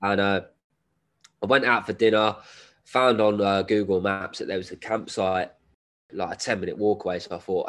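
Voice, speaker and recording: A man's voice: on the low side, steady tone, normal speed, fairly bright tone. A man, telling a story as a podcast guest in a casual, laddish way with plenty of swearing and slang; he has a cold. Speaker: guest, endurance runner.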